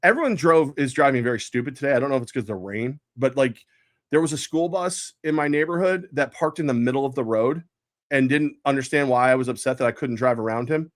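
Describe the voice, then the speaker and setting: A middle-aged man co-hosting a sports talk show, telling stories in an animated, ranting way that breaks into shouts. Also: medium pitch, quick pace, no echo. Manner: animated storyteller, rants with shouted outbursts. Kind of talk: casual sports radio chat.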